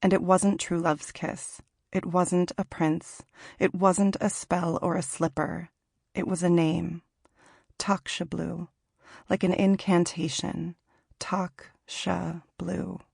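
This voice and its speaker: A woman in her late thirties from Washington in the Pacific Northwest, reading her own memoir aloud in a measured, reflective way. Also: fairly low pitch, flat delivery, gravelly, a little mellow, no echo, studio quality. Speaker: author narrating her memoir. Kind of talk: audiobook memoir narration.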